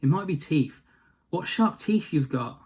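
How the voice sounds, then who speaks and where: A man's voice: a little high, expressive, a little slow, darkish tone, husky. A man doing a wary little girl in a red hood.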